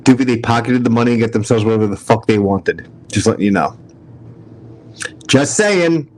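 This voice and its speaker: A man's voice: medium pitch, expressive, moderate pace, darkish tone, slight background noise, rough recording. Brash, foul-mouthed New York man. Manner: brash, profane, joking. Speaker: livestream host. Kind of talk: casual chat with chat viewers.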